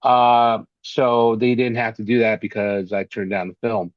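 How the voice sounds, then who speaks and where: Animated man telling showbiz stories. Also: lowish voice, measured pace, no echo, muffled recording. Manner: animated anecdotes, acts out quoted voices. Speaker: actor and interview guest. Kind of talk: casual storytelling interview.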